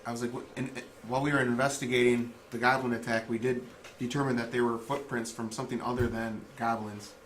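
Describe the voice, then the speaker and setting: A man's voice: medium pitch, flat delivery, a bit bright, a little hiss or hum. Earnest young man playing a tabletop game. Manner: earnest, halting in-character speech. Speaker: player. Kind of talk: in-character tabletop play.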